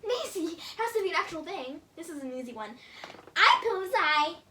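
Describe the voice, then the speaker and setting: A woman's voice: extremely high pitch, very animated, fast talker, far from the mic. A young woman hosting a casual podcast, bubbly and giggly, bossy as she runs a guessing game. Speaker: podcast host. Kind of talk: casual chat, game quizzing. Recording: faint noise, a bit off mic.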